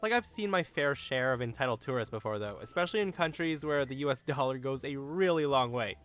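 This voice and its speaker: A man narrating an online story in an expressive, animated way, with his own comments. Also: mid-range voice, a little fast, clear, resonant tone, soft background music.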